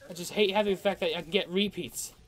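A gamer commentating their own playthrough, excitable and talking back to enemies with frequent outbursts. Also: mid-range voice, fast. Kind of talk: let's play commentary.

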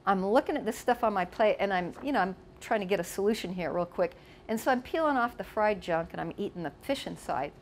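A woman's voice: mid-range voice, expressive, fast talker, slight background noise. A woman casually reminiscing about her past while showing photos, chatty with many asides. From United States. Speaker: storyteller.

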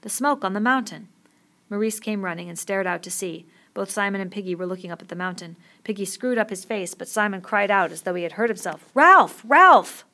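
A woman reading a novel aloud with steady, expressive storytelling. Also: mid-range voice, fast, few pauses. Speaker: audiobook reader.

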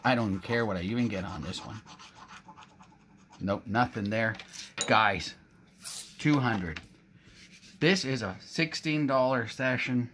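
Middle-aged man from Canada, casual vlog narration with frequent exclamations, mid pitch, light background hiss. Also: slow pace, long pauses, a bit bright. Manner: frequent exclamations, talks to viewers as guys. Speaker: scratch-off ticket vlogger. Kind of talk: excited casual vlog commentary.

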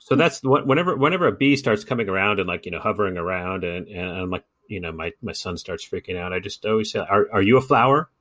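A man's voice: low-pitched, fast talker, hardly any pauses, fairly bright tone, dry recording. A middle-aged man co-hosting a gardening podcast, telling casual stories and often repeating words as he talks. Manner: storytelling, self-interrupting, repeats words. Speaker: podcast co-host. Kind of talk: casual chat.

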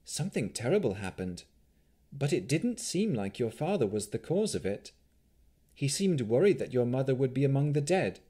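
A man's voice: mid-range voice, big pitch swings, normal speed, dark tone, husky, pitched above the performer's own voice. A man voicing a young woman haunted by dreams, speaking in a troubled, uncertain way.

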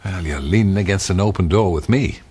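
A man's voice: sits low, brisk, a little mellow, slightly rough. A man hosting a viewers' feedback programme in a playful, mock-grand and teasing manner. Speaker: host. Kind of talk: scripted studio presenting.

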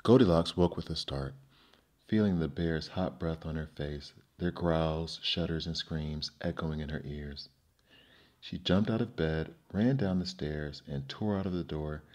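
Man, soft ASMR bedtime storytelling, very deep voice, warm, hushed, soothing. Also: lo-fi sound.

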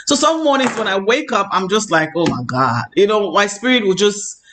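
High-pitched male online preacher; earnest, rambling personal testimony. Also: lively intonation, a little fast, noisy background. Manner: earnest, repetitive, many "you know"s.

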